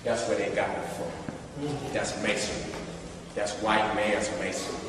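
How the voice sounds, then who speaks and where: A man giving a casual, emphatic slide talk to an audience. He keeps repeating short questions, and his voice swings between loud bursts and low asides. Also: monotone, normal speed, noisy background. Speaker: presenter showing images to an audience. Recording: echoey hall from a distant mic.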